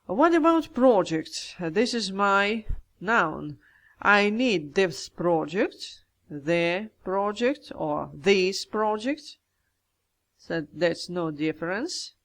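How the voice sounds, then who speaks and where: In a middle-pitched, fairly bright voice with lively intonation, a teacher works through a grammar exercise slowly and deliberately. Every step gets reasoned out loud, with small self-corrections, and the methodical delivery addresses viewers as "guys."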